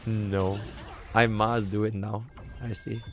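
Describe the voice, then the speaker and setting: A man's voice: lowish voice, level tone, slow pace, faint music behind. A young man with a Singaporean English accent doing casual, slangy, profane live commentary while playing a game and talking to his chat. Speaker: streamer.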